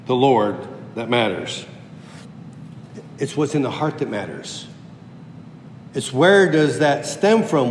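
A man's voice: fairly high pitch, a little hiss or hum. A man preaching a sermon as a pastor, teaching verse by verse and explaining the original Greek words of the text. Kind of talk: expository sermon. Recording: echoey hall with long reverb.

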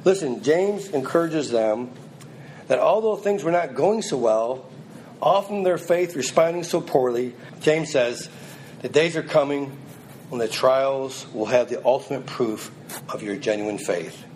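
A man's voice: medium pitch, expressive, measured pace, darkish tone, a little hiss or hum, low-quality recording. Earnest man preaching a sermon. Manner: earnest, emphatic, reads scripture then applies it.

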